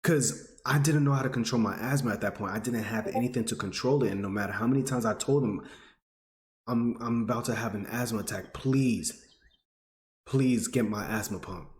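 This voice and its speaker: In an echoey room, a young man in his twenties who vlogs tells his audience a personal story at a moderate pace. His delivery is heartfelt and emotional, with his pitch climbing whenever he's moved.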